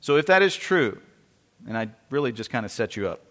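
A man's voice: medium pitch, big pitch swings, a little fast, fairly bright tone. A man preaching a sermon in an earnest way, often restarting phrases and asking the congregation questions. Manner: earnest, repetitive, asks the audience questions. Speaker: pastor. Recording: long hall reverb.

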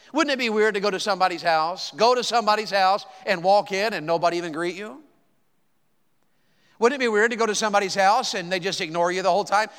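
A man's voice: sits high, fairly bright tone. A man, a pastor preaching a sermon with emphatic calls to the congregation and stammered repeats. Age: 50s. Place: church sanctuary. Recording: echoey church hall.

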